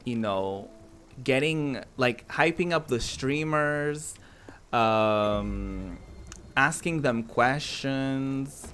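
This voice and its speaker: A man's voice: medium pitch, drawn-out words, fairly bright tone, clear, resonant tone. A man streaming a game, chatting casually with his viewers, giggling often and answering chat aloud. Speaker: Twitch streamer.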